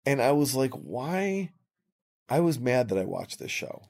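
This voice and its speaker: A man's voice: medium pitch, expressive, vocal fry, darkish tone. A man co-hosting a podcast, chatting casually and giving blunt opinions, often restarting his sentences. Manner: opinionated, frequent restarts, drawn-out phrasing. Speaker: podcast co-host. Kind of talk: casual chat.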